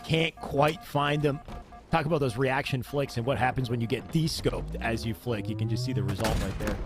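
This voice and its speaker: A man calling live play-by-play for a competitive shooter match at a quick, energetic clip. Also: medium pitch, over music. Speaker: esports play-by-play commentator.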